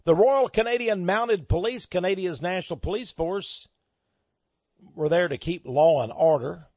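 Emphatic Texan man with lively high voice. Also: no room sound, highs cut off. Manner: emphatic, sarcastic, dramatic delivery. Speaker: radio host. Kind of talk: radio talk monologue.

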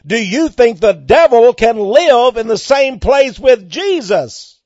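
Fervent Texan preacher, husky and lively. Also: male voice, extremely high pitch, slow pace, no echo. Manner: fervent, swells loud on key words, repeats words. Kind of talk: preached radio sermon. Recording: dry, muffled lo-fi recording.

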